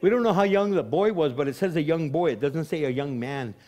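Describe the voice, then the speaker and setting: A man's voice: fairly high pitch, a little fast, a little mellow. An older man, a pastor giving a sermon in a conversational, storytelling way.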